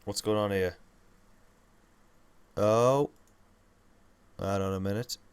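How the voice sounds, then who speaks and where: A man's voice: on the low side, takes it slowly, clear, resonant tone. A man with a Geordie accent chatting casually and rambling through a gaming livestream. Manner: chatty, rambling, laid-back.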